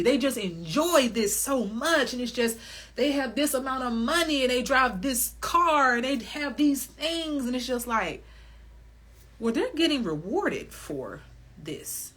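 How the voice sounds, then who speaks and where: A woman hosting a wellness podcast, talking candidly on her own in an animated, emphatic way, swearing freely and laughing often. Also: on the high side, husky. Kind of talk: candid solo podcast monologue.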